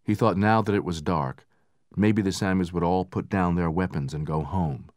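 A man narrating a book in steady, measured scripted narration, raising his voice for the soldiers' lines. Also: low-pitched, dry recording, studio quality. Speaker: audiobook narrator.

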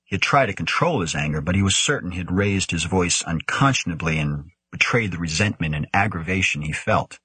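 Low, husky male audiobook narrator. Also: animated, pushed and bright, no room sound. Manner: measured storytelling, voicing characters. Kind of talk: scripted narration.

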